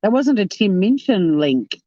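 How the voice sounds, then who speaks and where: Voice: medium pitch, very animated, unhurried, warm tone, dry recording. A livestream host, chatting casually with viewers and reading chat, swearing freely and laughing often. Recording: dull lo-fi dry sound.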